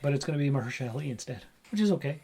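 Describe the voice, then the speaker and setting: A man's voice: medium pitch, expressive, rapid-fire, warm tone, slightly rough. A man hosting a casual pop-culture podcast, reading news items aloud and chatting about them. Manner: chatty, reads headlines then riffs on them. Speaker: podcast host.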